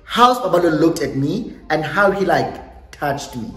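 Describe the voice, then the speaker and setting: A young South African woman telling a storytime on her vlog in a lively way, slipping Xhosa phrases into her English. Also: deep voice, measured pace. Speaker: YouTuber. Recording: echoey room with faint music.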